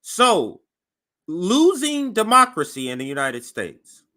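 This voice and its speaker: A man hosting a show, giving animated political commentary as he reacts to news clips. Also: high voice, slow. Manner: animated and conversational, voice jumps up for emphasis.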